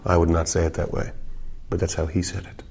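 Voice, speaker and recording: A man's voice: deep voice, completely flat delivery, fairly quick, a little mellow, slightly rough. A man in his forties, a musician, giving goofy, wandering, self-interrupting interview answers. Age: 40s. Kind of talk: rambling, joking interview answers. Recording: dull, lo-fi recording.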